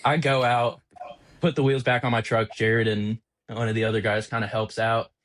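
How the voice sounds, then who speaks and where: A young man on a podcast, an auto technician telling an animated, exasperated story about a workplace prank. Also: medium pitch, moderate pace. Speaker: podcast co-host, automotive technician. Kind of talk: casual storytelling chat.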